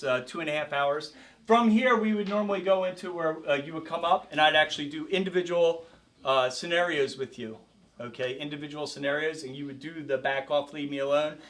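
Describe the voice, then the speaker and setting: A man's voice: a little high, fairly bright tone. A man teaching a self-defense class as karate instructor, coaching a group with energy and calling out drills. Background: group of participants.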